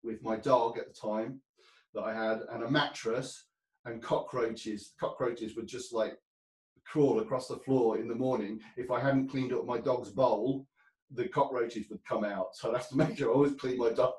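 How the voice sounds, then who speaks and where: A man's voice: mid-range voice, steady tone, normal speed, a little mellow, roomy sound, recorded from a distance, rough recording. A man telling stories from his career in a casual interview, rambling, laughing often and restarting his sentences. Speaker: interview guest. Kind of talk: casual storytelling.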